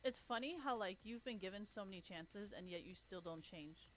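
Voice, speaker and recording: A woman's voice: medium pitch, animated, normal speed, faint music behind. A woman on a livestream ranting with a profane, taunting, sarcastic manner. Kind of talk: livestream rant.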